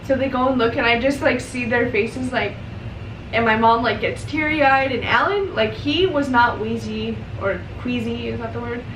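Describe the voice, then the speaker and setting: A woman's voice: on the high side, normal speed, fairly bright tone, a little hiss or hum. A young woman casually telling a personal story while doing her makeup, chatty and emotional, with lots of fillers. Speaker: vlogger. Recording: roomy echo, mic at a distance.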